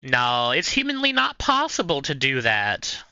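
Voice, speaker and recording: Bright, lively man chatting on stream. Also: mid-range voice, a little slow, clear, resonant tone, no echo, dull audio. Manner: chatty, playful, rambling. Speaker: livestream host. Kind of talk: casual chat answering viewers.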